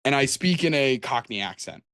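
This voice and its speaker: A man's voice: medium pitch, animated, normal speed, a bit bright, no echo, studio quality. A man co-hosting a podcast, chatting casually about tabletop games in a rambling way with many restarts. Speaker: podcast co-host.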